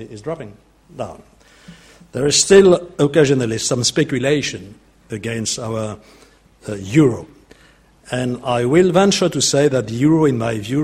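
An older man from France with a French accent, giving a formal political speech in a measured, deliberate way with occasional hesitant fillers. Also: medium pitch, husky.

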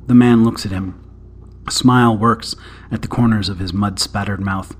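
A man narrating a short story aloud in a calm, even storytelling manner. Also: on the low side, moderate pace.

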